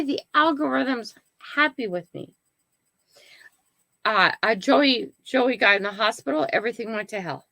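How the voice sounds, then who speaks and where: A woman's voice: medium pitch, gravelly, fairly bright tone, dry recording, rough recording. An older woman hosting her own live stream, chatting casually to viewers and often checking in with "right?" and "okay?". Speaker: channel host.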